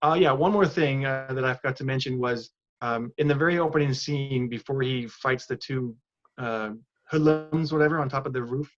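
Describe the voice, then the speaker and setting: A man's voice: mid-range voice, moderate pace, dull audio. A man co-hosting a podcast in a laid-back, casual way, hesitating with many fillers as he talks. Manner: laid-back, hesitant, often says "you know what I mean". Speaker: podcast co-host.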